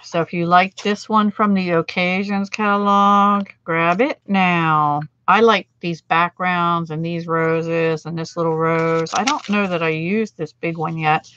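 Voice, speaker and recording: A woman's voice: on the low side, steady tone, a little slow, few pauses, fairly bright tone, clear, resonant tone, highs cut off. A middle-aged American woman demonstrating card making on a livestream, chatting with viewers and laughing at her own mistakes. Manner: chatty, self-deprecating, laughs often.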